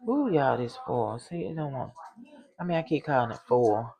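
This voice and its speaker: A woman's voice: a bass voice, expressive, normal speed, dark tone, highs cut off. A middle-aged woman, chatting casually to viewers from her home kitchen, exclaiming and laughing often. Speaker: cooking vlogger.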